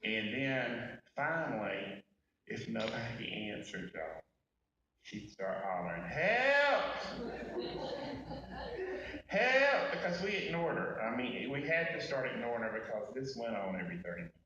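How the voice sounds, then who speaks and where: A man delivering a folksy, candid eulogy at a memorial service, speaking directly to the mourners. His voice sits a little low. The sound is heavily echoey and distant, as if he were picked up from across a large room with faint noise underneath. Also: normal speed, highs cut off, crowd noise. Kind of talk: personal eulogy with humorous stories.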